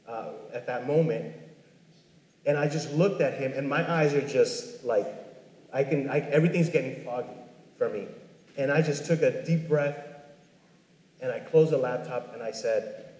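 A man in his thirties telling a personal story as a father, earnest and halting, with many restarts. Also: medium pitch, darkish tone. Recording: echoey room with long reverb.

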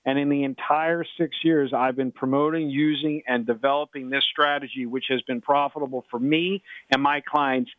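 A middle-aged man, a sports betting handicapper, talking excitedly on sports radio, repeating himself and talking over the others. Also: medium pitch, normal speed, hardly any pauses, dry recording. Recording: dry tinny phone line.

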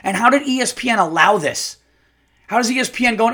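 A man hosting a podcast, ranting loudly and profanely about sports. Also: very high voice, expressive, a little fast. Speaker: podcast host. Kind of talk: solo podcast rant.

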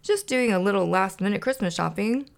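A woman's voice: mid-range voice, brisk, gravelly, natural voice. A woman voicing a cheerful, eager male puppet in a storybook read-aloud. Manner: bright and eager.

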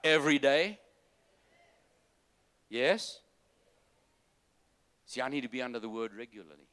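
A man preaching a sermon, moving between loud, urgent exhortation and soft, low-voiced asides to the congregation. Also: expressive, unhurried. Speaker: pastor.

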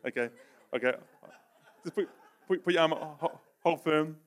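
A middle-aged man preaches in a relaxed, conversational way, often pausing to ask "okay?" and laughing between points. He leads a live demonstration with a volunteer. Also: a little high.

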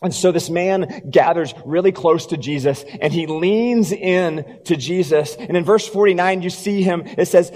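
A pastor preaching a sermon, telling the story and dropping low and quiet for emphasis. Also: male voice, normal speed, few pauses, long reverb tail.

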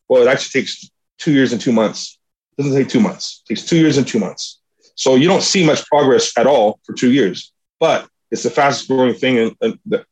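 A husky-voiced man talks through his past in a casual, earnest way and keeps coming back to a motivational point. His voice sits at an ordinary middle pitch. The recording is dull and lo-fi. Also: a little mellow. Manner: earnest, motivational, rambling retelling. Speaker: jiu-jitsu athlete. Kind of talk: casual storytelling.

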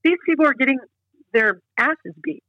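A middle-aged woman with a high voice speaks at a normal speed as an interview guest, earnest and emphatic, often restarting her sentences. It's casual interview talk, with no echo and the highs cut off.

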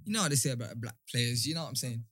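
A man's voice: medium pitch, racing. A man telling stories in casual chat, full of slang and checking that the others follow him. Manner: animated storyteller, heavy slang, keeps asking "you get me".

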